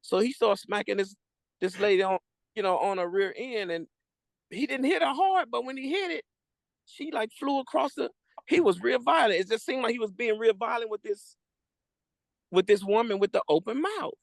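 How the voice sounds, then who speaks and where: A man improvising a story out loud, halting and restarting his phrases. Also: very high voice, gravelly, no echo, studio quality.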